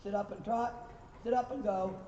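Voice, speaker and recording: Fairly even in intonation and moderate in pace, a male riding instructor with a high, warm voice coaches his riders, praising horses and calling corrections. The far-placed recorder yields a distant, echoey, dull sound with a little hiss or hum.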